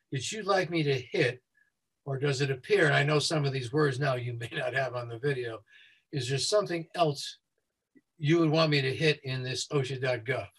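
A man working as a safety consultant. He speaks quickly and explains things step by step as a guest who walks listeners through a website. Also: fairly high pitch, fairly bright tone, husky, low-quality recording.

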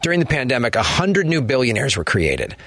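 A man's voice: mid-range voice, sing-song, brisk, a bit bright. A man co-hosting a call-in radio show, talking emphatically and opinionatedly, laughing readily. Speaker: radio co-host. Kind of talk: casual call-in talk radio.

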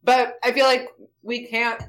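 A woman's voice: a little high, flat delivery, measured pace, a bit bright. A woman co-hosts a casual podcast in a plain, everyday voice. She speaks frankly and laughs easily between remarks. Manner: plain-spoken, easy laughs. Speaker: podcast co-host. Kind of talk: casual chat.

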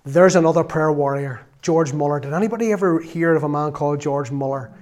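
A man giving an earnest, storytelling sermon that rises into loud exclamations. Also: a little high, a little fast. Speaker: lay preacher.

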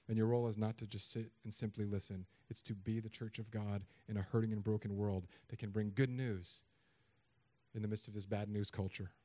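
A man preaching a sermon in a conversational, joking way, swinging between loud emphatic peaks and quiet asides. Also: fairly low pitch.

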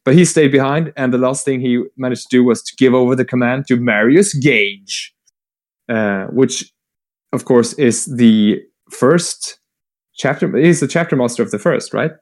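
A man casually retelling a long war story, rambling with fillers, swearing and quick acted-out quotes. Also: medium pitch, a little mellow. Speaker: podcast co-host retelling lore. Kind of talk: casual chat.

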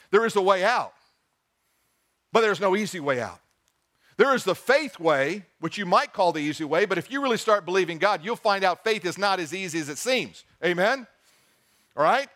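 A man with a high, light speaking voice preaches a sermon. He reads scripture aloud and presses each point home, stopping to put questions to the congregation. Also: bright, forceful tone. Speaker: pastor.

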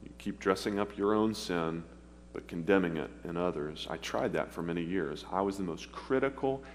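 Deep-voiced preacher in a reverberant church. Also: male voice. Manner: earnest, pleading, with confessional pauses. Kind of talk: sermon. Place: church sanctuary. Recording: long hall reverb, faint hum.

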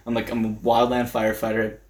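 A man's voice: mid-range voice, fast. A young man in casual chat, animatedly telling a story and acting out what others said. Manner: animated storytelling, acting out quotes, frequent laughter. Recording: roomy echo.

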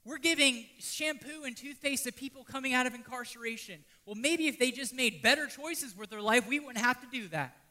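A man preaching a sermon, swinging from loud pleading to hushed, almost whispered lines. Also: very high voice, a little fast, few pauses. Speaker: pastor.

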